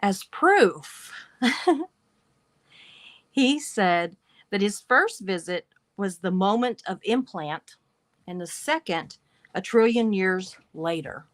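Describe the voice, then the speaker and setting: A woman's voice: medium pitch, animated, slow pace, pauses often, no room sound. A woman hosting a livestream, reading passages aloud and adding wry asides between them. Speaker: livestream show host.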